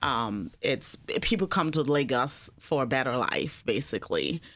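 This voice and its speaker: A woman from Nigeria, a podcast guest talking in a relaxed, hesitant way with many fillers. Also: very deep voice, measured pace. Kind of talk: casual interview. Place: studio.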